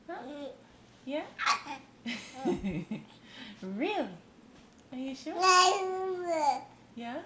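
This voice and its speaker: A mother coos to her baby in a very high, swooping baby-talk voice, slow and drawn out. Her tone is sing-song and dotted with soft laughs. The recording is a home video in an echoey room with steady background noise.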